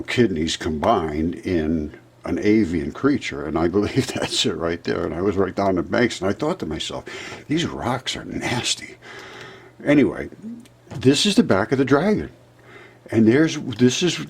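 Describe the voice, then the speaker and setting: A man in his seventies narrating over a map, insistent, rebutting doubters and jumping up in pitch when pointing things out. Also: breathy edge. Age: 70s. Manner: insistent, rebutting imagined objections. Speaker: presenter of a fringe geology channel.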